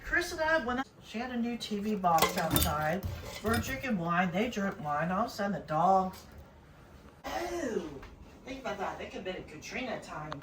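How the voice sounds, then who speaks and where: A woman telling stories and acting out an improvised doorstep scene, animated and bossy as she directs it. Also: mid-range voice, normal speed. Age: 30s or older. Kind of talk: casual chat and improvised role-play. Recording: noisy home recording.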